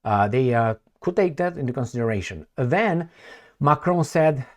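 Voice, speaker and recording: Sarcastic man with a lively voice. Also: mid-range voice, moderate pace. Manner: sarcastic, acts out quoted politicians in mocking voices, many fillers. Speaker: political commentary vlogger. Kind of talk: casual opinion monologue.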